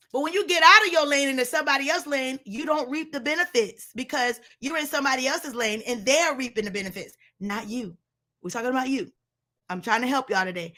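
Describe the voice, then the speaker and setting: A woman's voice: high-pitched, bright, forceful tone. A woman giving a blunt, preachy motivational talk on a live stream, speaking straight to her listeners as sis and y'all.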